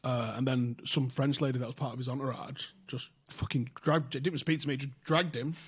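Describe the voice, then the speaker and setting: A young man, telling a story in casual podcast chat, swearing freely and getting animated when excited. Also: medium pitch, brisk, breathy edge. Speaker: podcast host.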